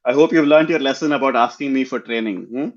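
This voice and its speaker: A man's voice: medium pitch, quick pace, muffled recording, close to an everyday voice. A man playing a brusque auntie sword teacher. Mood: teasing.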